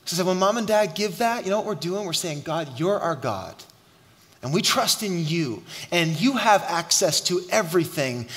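Man, pastor, middle-aged, sermon, high voice, echoing hall. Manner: animated storytelling, shouting at the climax. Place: church hall. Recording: long hall reverb.

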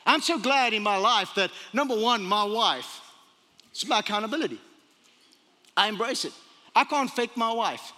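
A man's voice: high-pitched, animated, moderate pace, pauses often, pushed and bright, in a large hall. A male pastor preaching a sermon in a church, emphatic and full of rhetorical questions. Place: church sanctuary.

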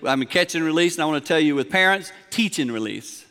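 A middle-aged man, preaching a sermon in a large church, moving from quiet storytelling to emphatic points. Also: a little high, animated, fast talker. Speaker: pastor. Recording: long hall reverb.

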